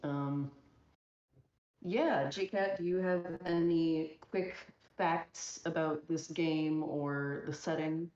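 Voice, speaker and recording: A woman's voice: low-pitched, fairly even intonation, takes it slowly, darkish tone. A woman commentating casually and wryly while running a game. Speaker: speedrunner. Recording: dull echoey recording.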